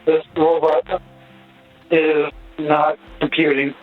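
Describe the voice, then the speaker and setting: A stiff, flat-talking male robot butler, as a male caller puts him on. The voice comes through a tinny phone line and sits a little high for a man. His words come out halting and mechanical. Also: faint music behind. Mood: monotone.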